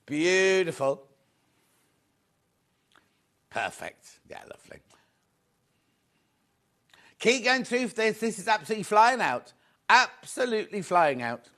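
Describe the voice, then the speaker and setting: A man's voice: high-pitched, very animated, takes it slowly, long pauses, a bit bright. A man presenting a live shopping show, upbeat and chatty, greeting viewers by name as he sells fabric.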